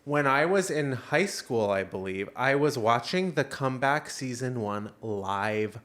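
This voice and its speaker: A man's voice: mid-range voice, measured pace. A man in his thirties co-hosting a podcast, telling a story in casual chat with lots of fillers and restarts. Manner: animated storyteller, many fillers and self-interruptions. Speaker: podcast co-host.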